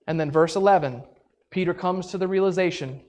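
A woman teaching a Bible story in a casual, animated way, chatty and full of "like", acting out the characters' lines. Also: on the low side. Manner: animated, acts out the characters' lines in quick voices; chatty, peppered with "like".

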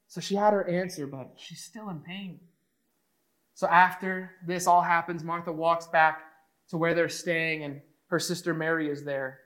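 A man retelling a Bible story in an emotive, conversational way, moving from hushed to excited. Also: on the high side, measured pace, poor audio.

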